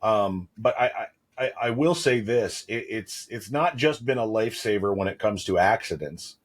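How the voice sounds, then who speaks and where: A man's voice: lowish voice, lively intonation, moderate pace. A man in his thirties co-hosting a casual podcast, telling stories in a rambling, playful way. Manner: rambling storyteller, playful asides. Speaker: podcast co-host. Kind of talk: casual chat.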